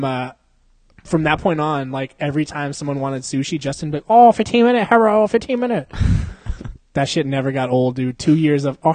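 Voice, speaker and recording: Young male podcast co-host, higher voice, profane and jokey, dry mic. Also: no echo. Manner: profane, animated storytelling with frequent laughter. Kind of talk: casual podcast chat.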